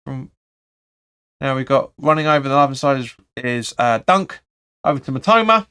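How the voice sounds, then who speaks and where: A man's voice: medium pitch, animated, normal speed, pushed and bright, clear, resonant tone. A man hosting a live football watch-along, calling the play and chatting through viewer comments with blunt opinions. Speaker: fan channel host.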